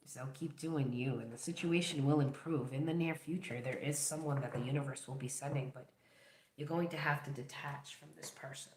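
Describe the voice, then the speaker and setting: A tarot reader gives a collective reading, speaking directly to the viewer with steady encouragement and affirmation. The voice sits at a middling pitch. The recording has a noticeable room echo. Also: fairly quick, a crowd in the background.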